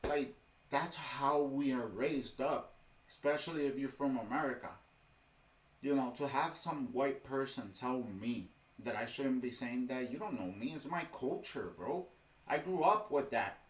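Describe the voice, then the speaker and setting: A man with a mid-range voice rants over a clip as a reaction video host, speaking a little slowly. He sounds heated and exasperated, repeatedly saying "bro," and the room has a big echo.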